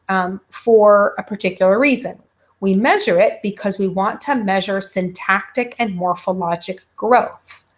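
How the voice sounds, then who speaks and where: Woman lecturing with lots of ums. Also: medium pitch. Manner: frequent ums, demonstrates baby sounds. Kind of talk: recorded university lecture.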